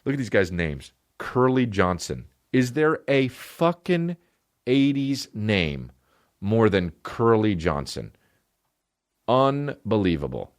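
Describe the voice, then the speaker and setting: A man hosting a comedy podcast, riffing alone in a profane, rambling, animated way. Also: fairly low pitch, slow, dry recording, studio quality.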